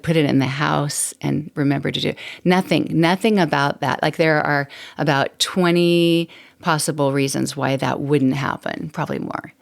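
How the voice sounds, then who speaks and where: A woman's voice: low voice, gravelly. A middle-aged woman hosting a podcast, talking casually and candidly with frequent laughs and rambling asides. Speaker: podcast host. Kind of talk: casual solo podcast monologue.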